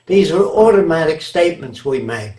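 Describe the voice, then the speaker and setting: A man's voice: on the high side, lively intonation, moderate pace, darkish tone. Older man lecturing emphatically in a roomy space. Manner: lecturing, emphatic, asks rhetorical checks. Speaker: interviewee. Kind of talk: reflective interview answers. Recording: roomy echo.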